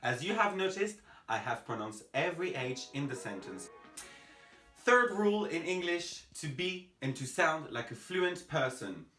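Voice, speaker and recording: A young man from France, teaching English pronunciation to camera, emphatic and spelling out sounds slowly. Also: on the high side, big pitch swings, pushed and bright, roomy sound, soft background music.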